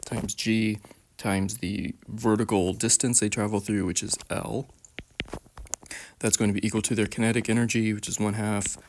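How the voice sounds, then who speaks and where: Male teacher, low gravelly voice, methodical lesson walkthrough. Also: darkish tone. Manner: methodical, explanatory, frequent "uh" and "all right". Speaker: physics teacher.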